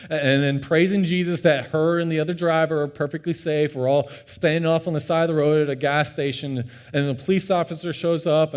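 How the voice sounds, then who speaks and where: A young man, a pastor, telling a personal story in a sermon with earnest, animated delivery and frequent restarts. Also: a little high. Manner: earnest and animated, often repeating words as he restarts. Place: church sanctuary.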